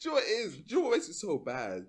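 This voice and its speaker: A man's voice: sits high, wildly swooping pitch, racing. A man co-hosting a podcast, chatting casually with laughing disbelief. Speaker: podcast co-host. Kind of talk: casual chat.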